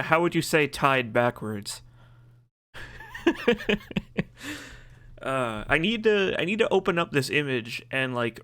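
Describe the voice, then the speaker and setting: A male game streamer with a bright, forceful voice of middling pitch. He rambles and jokes in loose, casual live-stream chat, reacting to his viewers as he goes. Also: smooth.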